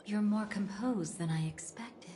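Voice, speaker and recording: An actress playing an enigmatic, teasing woman who speaks in a smooth, measured, mysterious way, recorded as game voice acting. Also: medium pitch, dark tone, slight background noise, close to an everyday voice. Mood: cryptic. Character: enigmatic, teasing woman with a cryptic, knowing air. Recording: reverberant game audio with music.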